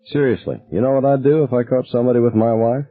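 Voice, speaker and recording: A man voicing a drunk, menacing middle-aged father who boasts and slurs his words, then turns cold and quiet. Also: medium pitch, fast talker, dry recording, voice pushed up, lightly acted. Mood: boasting. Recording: narrow phone-like sound.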